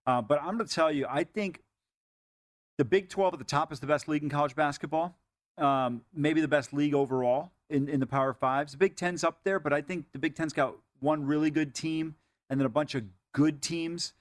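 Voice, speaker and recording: A man co-hosting a sports betting show, talking rapidly and with strong opinions in casual chat. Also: fairly high pitch, no echo, clean studio sound.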